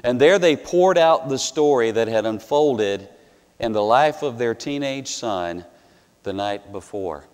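Male preacher, slow and earnest, dramatic pauses, reverberant hall. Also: medium pitch, lively intonation. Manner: earnest, dramatic pauses, swells louder on scripture. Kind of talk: sermon with personal story.

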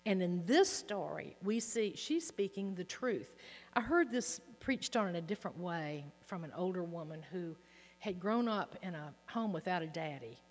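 A woman teaching from the Bible in an earnest way, reading passages aloud with emphasis, recorded in a hall with a low mains hum. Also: expressive, moderate pace.

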